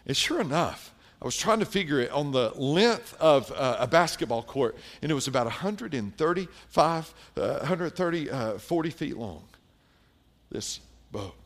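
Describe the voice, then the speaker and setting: High-voiced preaching pastor, emphatic. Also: male voice, expressive, moderate pace, a bit bright. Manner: emphatic preaching, questions to the congregation. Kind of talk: sermon.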